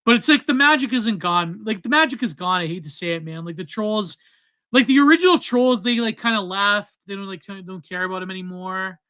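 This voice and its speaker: A man's voice: sits high, fairly quick, bright, forceful tone. A man co-hosting a podcast in casual chat, rambling with many fillers and trailing off. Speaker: podcast co-host.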